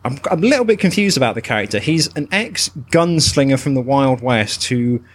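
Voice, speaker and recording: A man's voice: medium pitch, lively intonation, fairly quick. Sex: man. Role: wry podcast host. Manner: laughs easily, wry. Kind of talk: casual comedic podcast chat.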